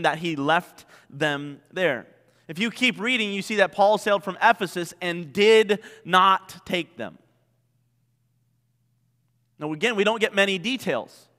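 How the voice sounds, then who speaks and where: A male pastor preaching a sermon, animated, with many rhetorical questions. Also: sits high, long reverb tail.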